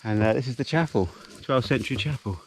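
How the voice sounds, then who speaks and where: A man's voice: medium pitch, fast talker, noisy background. A man chatting casually as he vlogs a hike with his dog, easily amazed and full of ums, recorded outdoors on a handheld camera. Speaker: vlogger hiking with his dog. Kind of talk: casual walking vlog narration. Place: outdoors on a gorge hiking trail.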